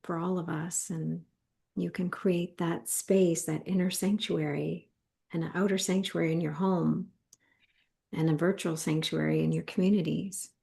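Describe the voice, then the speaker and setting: A woman co-hosting a spiritual session, talking in a calm, measured way. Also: fairly low pitch, gravelly. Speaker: co-host and spiritual teacher. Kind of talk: spiritual talk.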